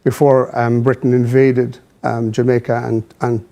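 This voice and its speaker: A man as a studio guest, giving measured, thoughtful explanations with many pauses and fillers. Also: mid-range voice, little pitch movement, creaky, warm tone. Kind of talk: explanatory interview answers.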